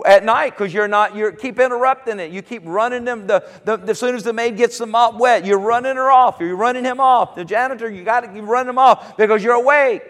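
High-voiced preacher in a reverberant hall. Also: male voice, fairly bright tone. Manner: folksy storytelling, rising to fervent declarations. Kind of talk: sermon.

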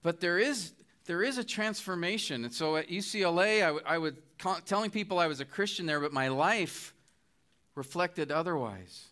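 Middle-aged male guest preacher, bright, slightly high voice, earnest sermon delivery. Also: moderate pace. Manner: earnest, pleading appeals with rising emphasis.

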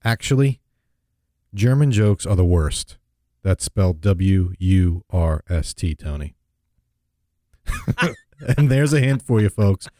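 Male host, low mellow voice, jokey casual chat, dry studio. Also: expressive, takes it slowly, long pauses, no echo. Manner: jokey, laughs often, rambling. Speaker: podcast host.

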